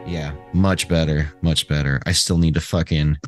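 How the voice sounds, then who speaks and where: A man's voice: a bass voice, little pitch movement, normal speed, faint music behind. A man co-hosting a podcast in casual chat, laid-back and swearing freely, with many ums and restarts. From San Diego area. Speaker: podcast co-host.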